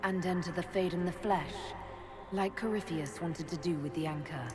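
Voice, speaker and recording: A determined woman leader voiced by an actress in a video game. She asks direct, pointed questions in a slightly low voice, and clear game music plays behind her. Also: moderate pace, natural voice. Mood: inquiring.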